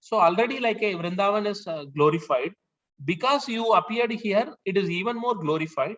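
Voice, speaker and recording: A man leading a scripture class, explaining the verses slowly with many fillers and restarts. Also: high voice, lively intonation, a bit bright. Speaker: class leader. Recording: dull lo-fi sound.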